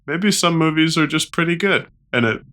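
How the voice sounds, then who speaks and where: A man's voice: on the high side, animated, normal speed, sharp tone. A man co-hosting a casual film podcast, easygoing and rambling as he tells a story. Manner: easygoing, rambling, laughs along. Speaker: podcast co-host.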